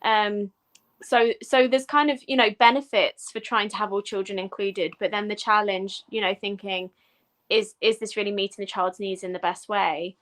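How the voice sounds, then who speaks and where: A woman's voice: medium pitch, steady tone, a bit bright. English woman explaining at an easy pace. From England. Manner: measured and explanatory, with frequent fillers. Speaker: guest, education professor. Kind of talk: casual podcast interview.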